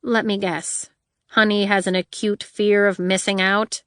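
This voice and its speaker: A woman voicing a wary young female inventor with a deadpan, wry way of talking. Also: mid-range voice, unhurried, smooth, dry recording, studio quality, natural voice.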